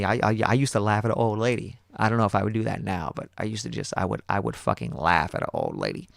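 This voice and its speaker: Podcast host, male: gravelly, low-pitched voice with a dry, close sound, profane and animated storyteller. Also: dry recording. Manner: profane, repetitive, animated retelling. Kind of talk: casual storytelling monologue.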